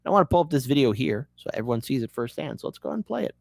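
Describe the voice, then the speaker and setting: A man's voice: medium pitch, very animated, rapid-fire, creaky, noisy background. A man hosting an online commentary show, talking casually with a sarcastic, mocking manner. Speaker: political commentary host.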